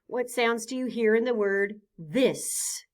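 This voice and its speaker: A woman teaching a phonics lesson to young children, patient and clear, sounding out each letter sound deliberately. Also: a little high.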